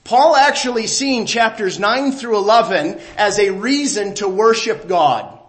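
A man preaching a sermon as pastor, talking conversationally, asking rhetorical questions, his voice dropping low and quiet at the ends of phrases. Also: measured pace.

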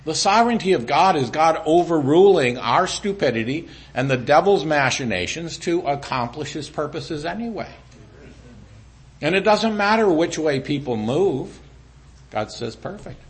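Animated man preaching a sermon. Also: fairly high pitch, normal speed. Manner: animated preaching, drops to a quiet voice for God's lines. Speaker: pastor.

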